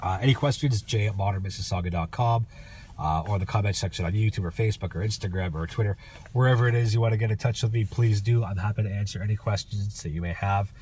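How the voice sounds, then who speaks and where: A man's voice: fairly low pitch, quick pace, darkish tone, a little hiss or hum. A man with a cold and a nasal voice, giving a casual, rambling car review full of fillers and restarts. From Canada.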